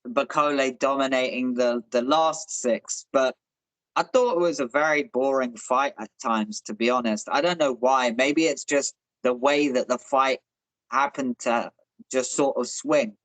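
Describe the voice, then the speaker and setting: A man co-hosting a podcast, giving calm, measured analysis of a boxing match in a casual chat. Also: medium pitch, dry recording, low-quality recording. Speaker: podcast co-host.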